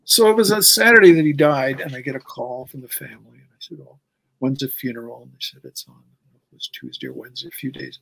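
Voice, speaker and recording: A man's voice: mid-range voice, sing-song, quick pace, vocal fry, pushed and bright, no echo, rough recording. A man in his sixties, a guest in a casual interview, telling long stories in a rambling way and repeating words as he goes. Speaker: comic artist guest.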